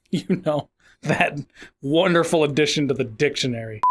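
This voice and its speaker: A man's voice: on the high side, noisy background. A man giving a profane, sarcastic, self-mocking commentary on a video game, with blooper outtakes.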